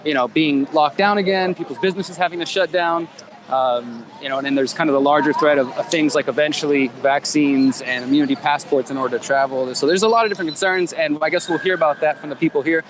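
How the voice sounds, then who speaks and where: A man with a somewhat high voice narrates from an outdoor rally, talking casually and stumbling over his words. The camera audio is full of outdoor street noise. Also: steady tone, low-quality recording. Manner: casual, halting narration with fillers. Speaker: videographer documenting a rally. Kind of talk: on-the-spot reporting and street interviews. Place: outdoors at a city park protest.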